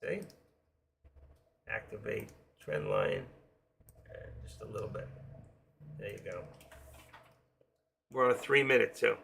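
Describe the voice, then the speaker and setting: A man's voice: lowish voice, wildly swooping pitch, takes it slowly, creaky, long pauses, fairly bright tone, a little hiss or hum. An older man with a New York accent and a trace of Florida, chatting casually with viewers while hosting a live trading stream from home.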